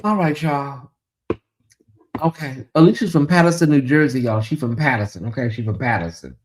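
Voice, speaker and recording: A man's voice: medium pitch, lively intonation, normal speed, a little mellow, a little hiss or hum. A man hosting a casual late-night livestream in a chatty, drawling way, reading viewer comments aloud and talking to the audience as "y'all". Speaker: livestream host.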